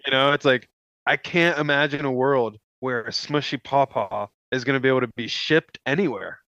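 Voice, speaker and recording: A man's voice: mid-range voice, normal speed, a bit bright, no echo. A man co-hosting a podcast in casual chat, laid-back and enthusiastic, full of "dude" and "like". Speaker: podcast co-host. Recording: slightly dull, dry lo-fi sound.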